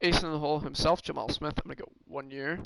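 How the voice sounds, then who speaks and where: A man's voice: fairly high pitch, steady tone, quick pace, gravelly, background noise. A man streaming a hockey management game, thinking aloud in casual commentary with many fillers and restarts. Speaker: gaming streamer.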